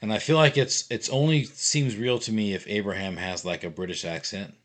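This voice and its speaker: Man, fairly low voice, playful, podcast co-host, reading scripture in casual chat. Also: a little fast. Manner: playful, animated, reads scripture aloud. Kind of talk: casual Bible discussion podcast.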